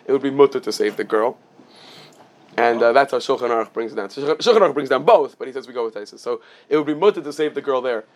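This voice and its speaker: A man teaching a casual Talmud class, explaining with everyday examples and often restarting his phrases. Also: mid-range voice.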